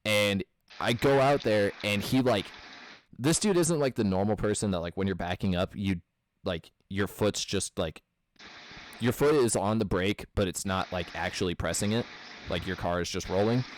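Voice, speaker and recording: Young midwest guy, low-ish voice, loose sweary storytelling, lots of "like". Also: moderate pace, a little hiss or hum. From American Midwest. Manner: rambling storyteller, swears a lot, many fillers. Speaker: podcast co-host telling a work story. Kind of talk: casual chat.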